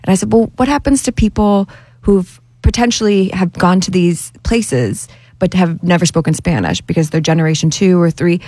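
A woman guest in a casual interview chat, upbeat and relaxed, with lots of fillers. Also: lowish voice, moderate pace, no echo.

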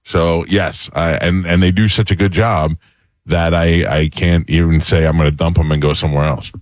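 Deep-voiced radio host man. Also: steady tone, moderate pace, no echo. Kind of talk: casual radio banter.

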